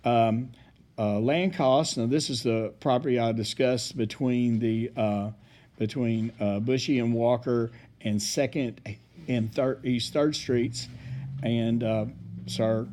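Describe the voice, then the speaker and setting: A man giving a rambling report at a city council meeting, halting with many fillers. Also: medium pitch, steady tone, dark tone.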